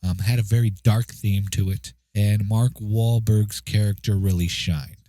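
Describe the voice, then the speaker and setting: A man's voice: lowish voice, steady tone, a little slow, dark tone, no room sound. A man giving a casual spoken movie review, chatty and checking in with the listener as he goes. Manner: chatty, keeps asking "okay?" and "right?".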